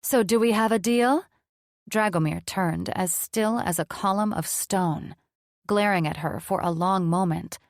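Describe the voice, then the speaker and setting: A woman narrating a fantasy romance audiobook in a measured, even reading. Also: fairly low pitch, no echo, studio quality. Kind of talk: scripted narration.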